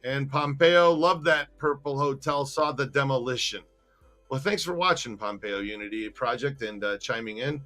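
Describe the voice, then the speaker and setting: A man's voice: medium pitch, moderate pace, a bit bright, soft background music. A man hosting a casual podcast, laughing often and teasing his co-host while reading out viewer comments.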